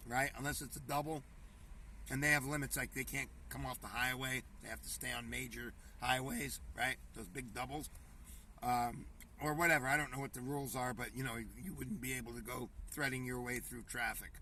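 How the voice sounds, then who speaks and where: A man's voice: medium pitch, pushed and bright, recorded from a distance, slight background noise. A man hosting a casual commentary show, reading news headlines aloud and riffing on them in a rambling, conversational way, often calling his viewers folks.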